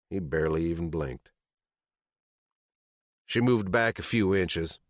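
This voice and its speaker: Audiobook narrator: a man, deep and expressive, in a dry, close booth. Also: no echo. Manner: dramatic, expressive reading. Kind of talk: scripted first-person audiobook narration.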